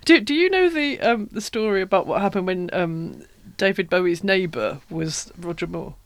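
A woman from Britain co-hosting a casual chat, easygoing and agreeable with some gentle teasing. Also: lowish voice, lively intonation, moderate pace, dry recording. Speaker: podcast co-host, writer.

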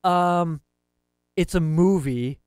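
A man's voice: sits high, slow, a little mellow, smooth, no room sound, clean studio sound. A man hosting a podcast, chatting casually with friends, rambling and laughing often. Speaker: podcast host. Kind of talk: casual chat.

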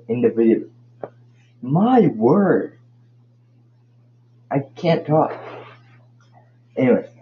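A man's voice: medium pitch, highs cut off, a little hiss or hum. A man hosting a casual solo podcast, rambling and tripping over his words. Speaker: podcast host.

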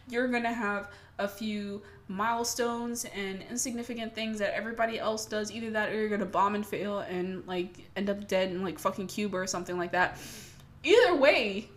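A woman's voice: mid-range voice, moderate pace. A young adult woman ranting casually to her audience, swearing freely and self-mocking with dramatic flair. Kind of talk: casual rant to camera.

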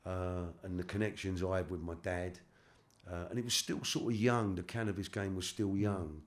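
Low-voiced London man telling his story. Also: steady tone. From London, England. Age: middle-aged. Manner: halting, repeats words, casual slang. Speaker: guest. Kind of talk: candid life-story interview.

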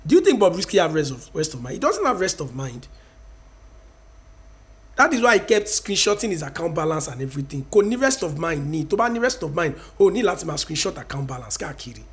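Nigerian man, thirties, high-pitched voice, emphatic preachy vlog rant. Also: big pitch swings, fast talker, a bit bright. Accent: Nigerian, Yoruba-speaking. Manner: emphatic, preachy, mixes in Yoruba. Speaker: vlogger. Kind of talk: casual opinion rant to camera.

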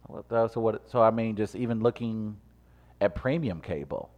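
Deep-voiced man arguing his point. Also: dull audio. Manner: animated, rushes when making a point. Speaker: podcast co-host. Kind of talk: casual panel chat.

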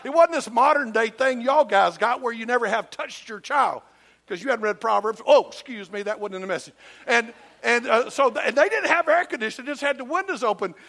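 A man's voice: very high voice, lively intonation, brisk, fairly bright tone. An older man from Georgia with a Southern accent, preaching a sermon in a folksy, emphatic storytelling manner with humor. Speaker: pastor.

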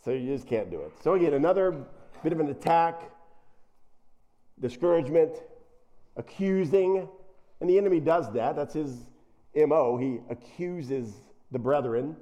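A male preacher with a fairly high voice that leaps up and down as he teaches. He is animated and acts out the people in the story he tells. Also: moderate pace, pauses often, muffled recording. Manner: animated, acts out characters in quotes. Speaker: pastor. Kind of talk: sermon.

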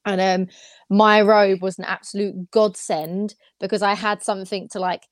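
A woman's voice: mid-range voice, level tone, moderate pace, no room sound. Woman, podcast guest, casual chat, frequent ums, dry close mic. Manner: chatty, filler-heavy. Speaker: pageant guest.

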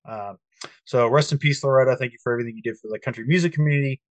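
A man's voice: medium pitch, rapid-fire, dry recording. Profane man mocking on a call. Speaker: podcast co-host. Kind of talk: casual chat.

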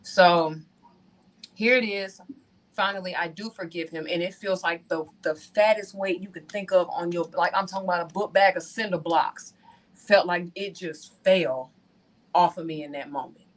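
A woman telling her own story on a video call from home, animated and addressing her listeners as y'all. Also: fairly low pitch, moderate pace, poor audio. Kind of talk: casual testimony to an online audience.

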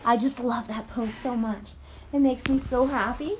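Enthusiastic female yoga teacher, rambling casual chat mid-practice, voice a touch high. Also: fairly even intonation, moderate pace, darkish tone, slight background noise. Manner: chatty, enthusiastic, rambling with many fillers; talking while moving through yoga poses. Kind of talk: casual vlog talk while practicing yoga.

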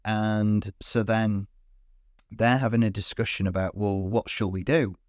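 Man, low voice, swearing film recap. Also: unhurried, no room sound, studio quality. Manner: animated, swearing, puts on voices for film characters. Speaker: podcast co-host. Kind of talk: casual film recap chat.

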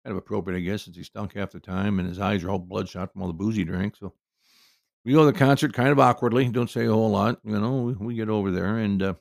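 A middle-aged man rattles through a personal story at a quick clip, his voice rough with gravelly fry. He rambles in a folksy, aside-heavy way, and the sound is close and dry with no room around it. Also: on the low side, fairly even intonation, dry recording. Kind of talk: casual personal anecdote.

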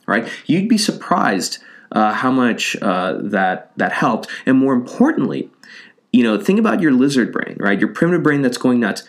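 A man's voice: medium pitch, sing-song, normal speed. A man giving a loose, conversational motivational talk, with lots of fillers and a habit of tagging his points with "right?".

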